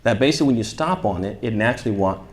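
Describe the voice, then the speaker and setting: A man leading a tajweed class, explaining rules, asking his students questions and reciting Arabic phrases slowly for them to repeat. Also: on the low side, lively intonation. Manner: asks the class questions then answers them. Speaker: shaykh teaching tajweed. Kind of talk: interactive classroom lesson.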